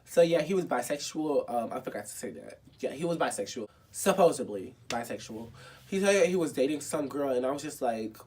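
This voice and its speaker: A young man in his twenties tells a personal story in a casual vlog, dramatic and expressive, swearing freely and saying "like" a lot. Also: medium pitch, fairly quick, slight background noise. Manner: dramatic, expressive and profane, with lots of filler "like". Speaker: vlogger.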